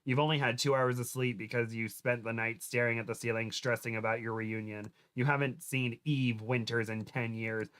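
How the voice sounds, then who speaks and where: A man's voice: mid-range voice, fairly bright tone. A young man chatting casually with a co-host, laughing often, then reading a fan fiction story aloud. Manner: giggly, self-deprecating, laughs often.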